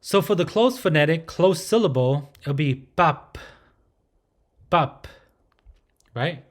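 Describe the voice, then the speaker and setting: A man's voice: fairly high pitch, animated, darkish tone. Patient man teaching pronunciation. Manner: patient, repeats sounds slowly with frequent "right?" checks. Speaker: language teacher. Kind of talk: recorded lesson.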